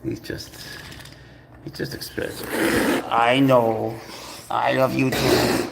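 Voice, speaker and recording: A man's voice: medium pitch, level tone, slow, gravelly, long pauses, heavy background noise. A man hosting a casual live stream, talking playfully and coaxingly to his pet cat and calling it bro. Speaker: pet owner and channel host.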